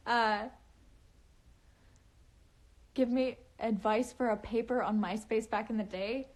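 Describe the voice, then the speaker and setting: A young woman with a fairly high voice talks on a phone live stream. Her speech has a chatty valley-girl lilt, with frequent giggles and lots of "um" and "like." She rambles in a relaxed, casual way. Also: unhurried. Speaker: livestreaming author.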